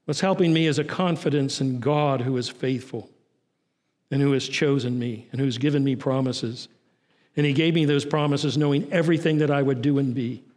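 A man preaching a sermon as pastor, swinging from raised, urgent lines to low, quiet ones. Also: normal speed, in a large hall. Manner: preaching with rising and falling intensity, dropping low and soft on key lines.

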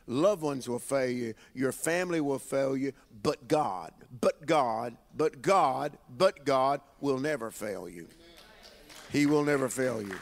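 A man preaching as a bishop, with emphatic call-and-response phrasing and drawn-out lines. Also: medium pitch, big-room sound. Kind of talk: sermon. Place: church sanctuary with congregation.

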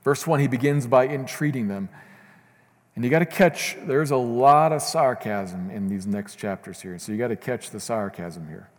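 A man's voice: mid-range voice, normal speed. A man preaching a sermon as pastor, earnest and building to fervent emphasis. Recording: long reverb of a church hall.

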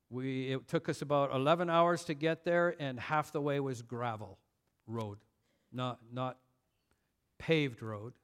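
Emphatic storytelling preacher, man. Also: medium pitch. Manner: storytelling, rising to emphatic intensity. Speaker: pastor. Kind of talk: sermon.

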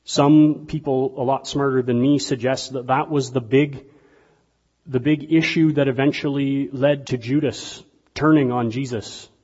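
A man preaching a sermon in a conversational, animated way that swings between quiet asides and loud bursts. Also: mid-range voice, measured pace, slightly rough. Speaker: pastor. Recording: dull lo-fi sound with long hall reverb.

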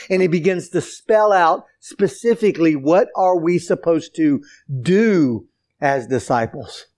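Slow-preaching man with a higher voice. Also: a little mellow. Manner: emphatic preaching with repeated phrases, addresses the church directly. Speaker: pastor. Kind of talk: sermon.

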